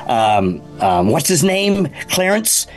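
An older man and former band musician telling a casual, animated story, rambling with frequent restarts. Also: a little high, slow pace, music in the background.

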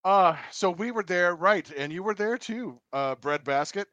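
A man's voice: high voice, animated, a little slow, a bit bright, no echo, lo-fi sound. A man co-hosting a casual podcast, telling rambling, profane concert stories with frequent laughs. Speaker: podcast co-host. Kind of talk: casual chat among friends.

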